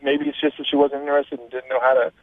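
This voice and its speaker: A man's voice: mid-range voice, level tone, quick pace, no room sound. A man calling in to a radio show, unsure and repeating himself as he talks. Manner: uncertain, stammering. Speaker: caller on phone. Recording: tinny phone line.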